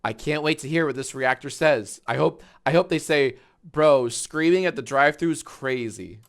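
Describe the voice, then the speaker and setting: A man's voice: on the high side, normal speed, smooth. A man hosting a casual livestream, reacting to videos with sarcastic, profane rants. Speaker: livestream host.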